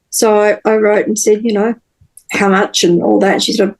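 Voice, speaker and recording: A woman, a podcast guest telling her personal story in an earnest, halting way with many pauses and restarts. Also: medium pitch, steady tone, darkish tone, poor audio.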